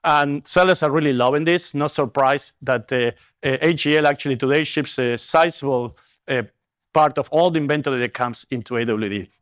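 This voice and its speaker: A man's voice: medium pitch, brisk, a bit bright, clear, resonant tone, no room sound, studio quality. A man with a Latin American accent presenting at a business conference, earnest and upbeat, with fillers and self-corrections. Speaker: company executive presenter.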